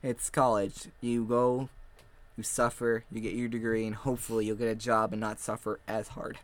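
A man's voice: fairly low pitch, little pitch movement, moderate pace. A young man in college chatting casually on a podcast, rambling with lots of fillers and frequent laughter. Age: young adult. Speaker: podcast guest.

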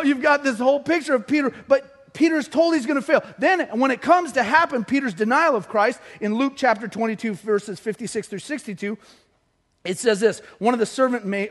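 A man preaching a sermon, animated and laughing as he acts out Bible scenes, then slowing to a soft, hushed voice for serious passages. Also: high-pitched, big-room sound. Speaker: pastor.

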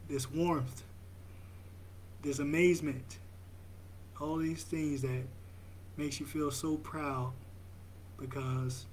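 A young father talking slowly and reflectively, with halting restarts and soft laughs. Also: a little high, a little hiss or hum. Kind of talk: reflective vlog monologue.

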